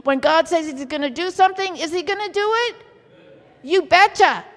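A woman preaching a sermon in a church, telling the story with lively, theatrical flair. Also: very high-pitched, fast talker. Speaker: pastor's wife preaching. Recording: church hall reverb.

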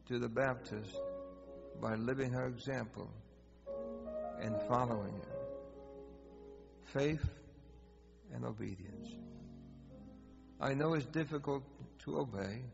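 Man, pastor, storytelling sermon, gravelly voice, long hall echo, guitar music underneath. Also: medium pitch. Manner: animated, acts out dialogue. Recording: long hall reverb, dull sound, guitar music behind.

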